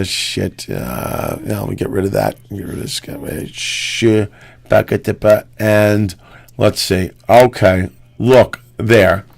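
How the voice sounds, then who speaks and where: A man's voice: fairly low pitch, animated, normal speed, creaky. A man co-hosting a live-streamed talk show, chatting casually in a loose, profane, rambling way full of restarts. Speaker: co-host. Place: home studio streaming live.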